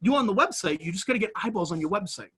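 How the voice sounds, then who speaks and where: Brief: male guest, husky tone, lively casual explainer. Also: high-pitched, very fast. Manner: animated, jumps between everyday examples. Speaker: guest entrepreneur explaining business.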